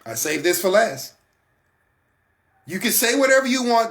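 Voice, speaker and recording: A man's voice: high-pitched, big pitch swings, a little slow, vocal fry, fairly bright tone. An American man hosting a Christian broadcast, giving an emphatic, repetitive sermon-like talk straight to his listeners. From United States.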